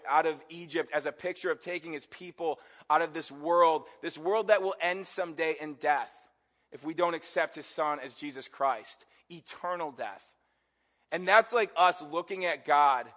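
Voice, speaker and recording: A man's voice: on the high side, a bit bright. A middle-aged man preaching a sermon, his voice sitting a little above the usual male range. He talks to his congregation in a loose, conversational way and often stops to ask them questions. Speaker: pastor.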